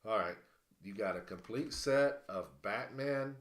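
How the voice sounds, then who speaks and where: Man, lowish voice, live-stream host, rambling delivery, lots of ums, roomy echo. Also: a little slow. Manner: rambling, many fillers and restarts. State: out of breath. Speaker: livestream host. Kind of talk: casual live-stream card rundown.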